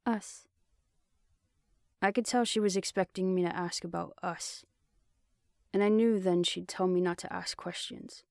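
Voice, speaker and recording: Gravelly low-voiced woman reading a novel. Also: fairly even intonation, moderate pace, no echo, clean studio sound. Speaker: audiobook narrator. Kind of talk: first-person fiction reading.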